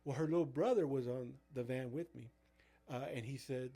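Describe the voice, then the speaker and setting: A man's voice: mid-range voice, normal speed, dark tone. Rambling man telling ministry stories. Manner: rambling, full of fillers and restarts. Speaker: youth pastor. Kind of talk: casual storytelling chat.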